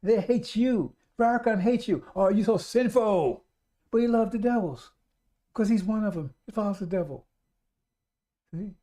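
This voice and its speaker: A man's voice: high-pitched, moderate pace, pauses often, warm tone. A man preaching a radio sermon, emphatic and repetitive, speaking straight to his listeners.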